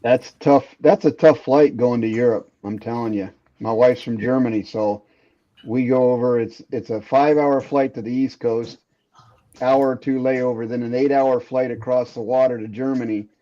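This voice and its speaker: A man speaking emphatically and matter-of-factly in a casual chat. His voice is mellow and dark, and comes through slightly dull online call audio. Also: mid-range voice, steady tone, normal speed.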